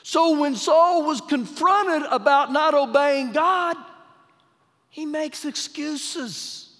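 Male pastor, very high voice, emphatic sermon, rhetorical questions, live church recording, long hall reverb. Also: slow pace, a bit bright. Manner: humorous paraphrasing of scripture. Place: church sanctuary during a live service.

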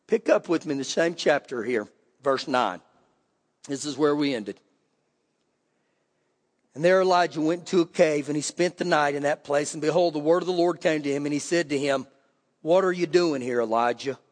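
High-voiced pastor preaching in a hall. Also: male voice, normal speed, pauses often. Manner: reads scripture aloud, then paraphrases with emphatic rising pitch. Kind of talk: sermon. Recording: long hall reverb.

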